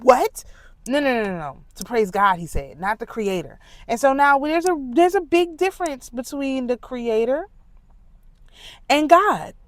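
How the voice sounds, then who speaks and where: A woman in an emphatic, indignant monologue, her congested voice sitting a bit high for a woman. The recording is dry and close, with no room sound. She talks casually and pushes her points hard. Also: unhurried, no room sound. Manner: emphatic, indignant, animated rants. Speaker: spiritual commentator.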